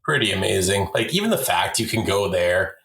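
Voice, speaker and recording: A man from Canada with a low, deep voice talks in a relaxed, conversational way. He is blunt and opinionated. The sound is roomy, with noticeable echo. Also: fairly quick, vocal fry. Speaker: podcast guest, hunter and wildlife photographer. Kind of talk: casual conversation.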